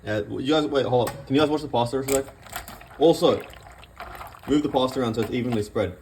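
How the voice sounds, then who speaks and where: A man's voice: medium pitch, fast, darkish tone, a little hiss or hum. A man giving a rambling, joking cooking demonstration in a home kitchen. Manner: joking, rambling, self-deprecating. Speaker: cooking vlogger.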